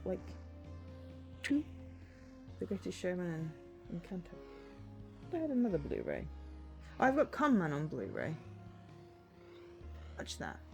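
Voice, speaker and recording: Rambling woman streamer, low voice. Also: darkish tone. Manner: rambling, chatty, self-deprecating. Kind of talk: casual chat while livestreaming a game.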